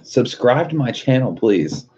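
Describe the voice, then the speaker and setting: A man's voice: mid-range voice, sing-song, a little slow, muffled recording, noisy background. A man hosting a casual livestream, reading viewer comments aloud and joking with a lot of profanity and frequent laughter. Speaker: livestream host.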